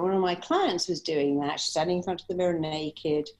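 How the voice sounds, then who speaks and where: Middle-aged woman, guest storyteller, lively and quick to laugh. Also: on the low side. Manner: animated, anecdotal, laughing easily. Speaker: guest, therapist and speaker. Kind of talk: conversational storytelling.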